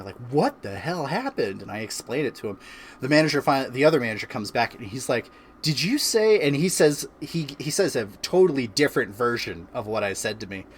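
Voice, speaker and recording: A man of average pitch tells a story in a relaxed, easygoing way, full of filler words and quick laughs. He hosts a casual chat with friends from his home by the fireplace. A faint hiss sits under his voice. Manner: laid-back, laughs often, lots of filler words. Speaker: streamer and host.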